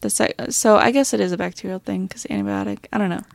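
A woman's voice: medium pitch, fairly even intonation, fast talker, creaky, a little mellow, no room sound, clean studio sound. A woman co-hosting a podcast in casual chat, swearing often and filling her talk with "like". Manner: swears often, chatty, trails off with "like". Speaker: podcast co-host.

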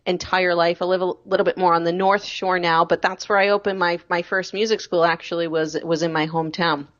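A woman's voice: fairly low pitch, steady tone, fairly quick, lo-fi sound. Chatty woman with a faint Boston accent. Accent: slight Boston. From Boston area, Massachusetts. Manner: chatty, laughs easily, many fillers. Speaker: interview guest, voice coach and music school owner. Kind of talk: casual interview chat.

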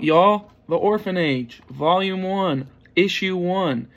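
A podcast host talks straight to camera in an indoor room, loose and playful, hyping things up with the odd curse word. He is a man with a voice pitched a little above the usual male range. The delivery is casual and unscripted. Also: a bit bright. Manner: playful, hypey, loose and profane. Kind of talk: casual promo chat to camera. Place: indoor room with a planning board behind.

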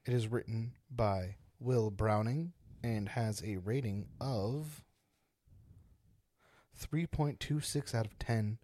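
A man's voice: fairly low pitch, slow pace, dark tone, dry recording. A man hosting a casual podcast, joking around and reading spooky stories aloud with dramatic emphasis. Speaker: podcast host.

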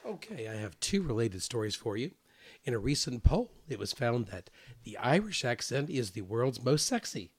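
A woman's voice: rumbling low, sing-song, normal speed, husky, no room sound. A woman co-hosting a casual podcast, adding wry asides and sharing odd news stories. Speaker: podcast co-host. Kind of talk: casual chat.

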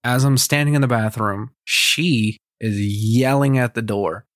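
A man's voice: medium pitch, measured pace, fairly bright tone, no room sound, studio quality. A young man and Army soldier casually telling a personal story, candid and profane, with a rambling delivery.

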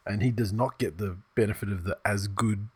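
A man's voice: lowish voice, fairly quick, slightly rough, no room sound. A man, co-hosting a casual sports podcast in a rambling, laid-back way. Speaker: podcast co-host.

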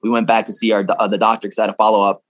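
Fast-talking young man, casual and profane. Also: on the low side, little pitch movement, no room sound. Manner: rambling, profane, laughs through story. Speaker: guest. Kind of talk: casual storytelling interview.

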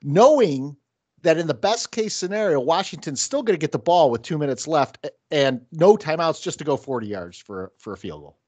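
A man's voice: fairly high pitch, lively intonation, moderate pace, darkish tone, no room sound. A man co-hosting a casual sports podcast, arguing his points emphatically with rhetorical questions. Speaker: podcast co-host.

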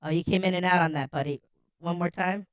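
A man's voice: high-pitched, steady tone, fast, clear, resonant tone, no echo. A man speaking through a voice modulator that makes him sound female, doing a jokey impression of his woman cohost in a casual podcast chat. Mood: teasing. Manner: jokey game-show patter. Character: playful woman cohost, chirpy and teasing. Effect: voice modulator making a female voice.

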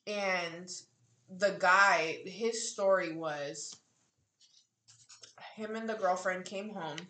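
A woman's voice: fairly low pitch, drawn-out words, bright, forceful tone, a little hiss or hum. A young woman chatting casually on a podcast, blunt and swearing freely, with sassy mock voices. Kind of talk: casual chat. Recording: roomy echo.

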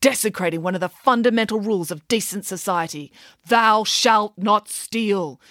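A woman voicing a pompous, ranting male vice principal who punches out his words loudly. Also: medium pitch, sing-song, moderate pace, dry recording, studio quality. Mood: blustering. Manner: loud, punchy, indignant.

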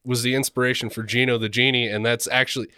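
A man from California in relaxed podcast chat, adding chuckling asides. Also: mid-range voice, fast, clean tone, no room sound, studio quality. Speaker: podcast co-host. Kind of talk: casual chat.

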